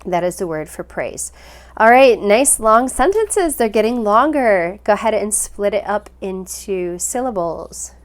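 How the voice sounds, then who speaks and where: A woman teaching a recorded phonics lesson, her pitch sitting in an ordinary middle range. She talks patiently and repeats each word slowly so learners can follow along. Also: animated. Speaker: language teacher.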